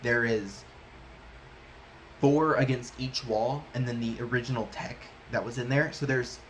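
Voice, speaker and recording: A young man telling a personal story in a halting, rambling way, often correcting himself mid-sentence. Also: mid-range voice, fairly even intonation, a little hiss or hum.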